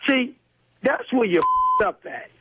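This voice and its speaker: A man's voice: very high voice, big pitch swings, measured pace, fairly bright tone, breathy edge, dry recording. A man on the phone, speaking in streetwise slang, swearing and repeating himself over and over. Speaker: prank call target. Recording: muffled phone line.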